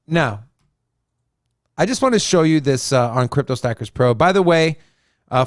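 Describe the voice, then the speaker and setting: A man's voice: medium pitch, dry recording, studio quality. A man hosting a casual crypto show, walking through charts and joking with his co-host in a loose, repetitive way. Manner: loose and joking, repeats himself.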